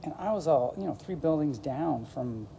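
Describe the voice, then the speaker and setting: Her deep, creaky voice has a dark tone and lively intonation, moving at a moderate pace. She's a woman vlogger casually rambling to camera, wandering between thoughts and leaning on "like" and "you know," in a low-quality recording with a bit of hiss or hum.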